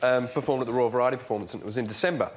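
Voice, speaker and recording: Australian comedian telling a story. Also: male voice, medium pitch, racing, very noisy. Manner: self-deprecating storyteller, acts out quotes. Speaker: guest comedian. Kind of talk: stand-up anecdote on a panel show. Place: TV studio with audience.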